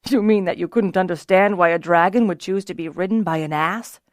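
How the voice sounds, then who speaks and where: A woman narrator voicing a calm, authoritative male dragonrider leader in a fantasy audiobook, firm and steady. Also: lowish voice, brisk, no room sound, clean studio sound, natural voice.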